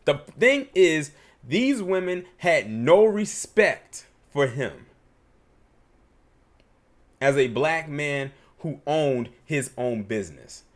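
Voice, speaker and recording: Guy on a livestream going off, emphatic rant, kinda high voice. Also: lively intonation, slow. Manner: emphatic, ranting, reads super chats. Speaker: livestream commentary host. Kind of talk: opinionated livestream commentary.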